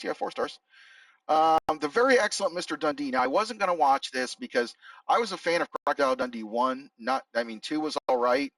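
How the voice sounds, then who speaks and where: Man, middle-aged, casual movie chat, rambling, lively pitch, dry sound. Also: vocal fry, no room sound, far from the mic, poor audio. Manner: rambling, self-correcting, reading out his own reviews. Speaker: movie reviewer. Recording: dry sound, set back from the mic.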